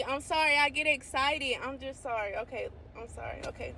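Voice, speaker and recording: A woman with a somewhat high voice tells a faith testimony in a casual, excitable way, breaking into exclamations and reading scripture aloud. A faint hum of a vehicle sits behind her. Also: a little fast, gravelly, few pauses. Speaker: faith vlogger.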